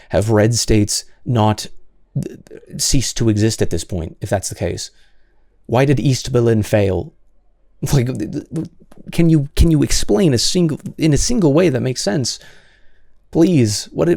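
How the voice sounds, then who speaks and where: A man's voice: medium pitch, lively intonation, a little slow, creaky, mellow, no room sound, studio quality. A man hosting solo commentary, answering comments in an exasperated, sarcastic way with many stammered restarts.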